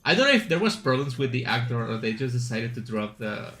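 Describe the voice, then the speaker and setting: This man's fairly bright, medium-pitched voice swings widely in pitch, and he talks a little fast. He's streaming a game and chatting casually as he plays, rambling with asides and fillers.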